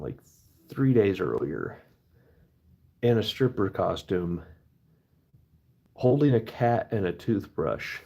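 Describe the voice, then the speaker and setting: A man's voice: deep voice, a little mellow. A man hosting a livestream, telling a rambling story in a casual way, swearing and using plenty of asides. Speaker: livestream host.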